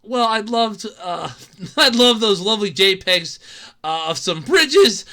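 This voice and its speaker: A podcast host ranting alone on a show, excitable and profane, laughing often and jumping between loud outbursts and mumbled asides. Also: medium pitch, measured pace. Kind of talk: solo podcast rant.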